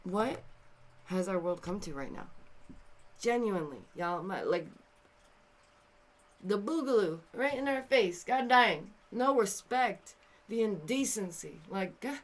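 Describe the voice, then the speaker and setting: A woman hosting a casual commentary video, animated and exasperated, swinging between loud outbursts and quiet, somber asides. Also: on the high side.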